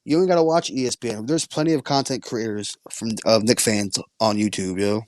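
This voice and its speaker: A man's voice: on the low side, a little fast, darkish tone, no room sound. A man co-hosting a late-night fan podcast, rambling in casual slang and stuttering as he talks. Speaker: podcast co-host.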